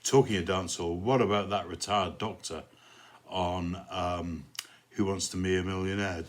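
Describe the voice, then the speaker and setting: A middle-aged pastor chatting casually in a jokey, rambling way, reading a poem and saying a prayer. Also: male voice, low voice, moderate pace. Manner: jokey, rambling, fond of puns.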